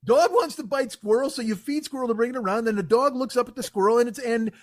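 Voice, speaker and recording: Guy w a high voice ranting sarcastic and sweary on a comedy podcast, super dry room. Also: quick pace, dry recording. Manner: profane, sarcastic, mocking. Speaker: podcast host.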